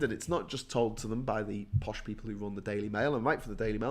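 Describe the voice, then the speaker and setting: A man in his forties delivering an angry political rant. He is sarcastic and swears freely, with quick bursts of talk that trip over restarts and repeated words. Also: mid-range voice. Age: 40s. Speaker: host. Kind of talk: ranting political commentary.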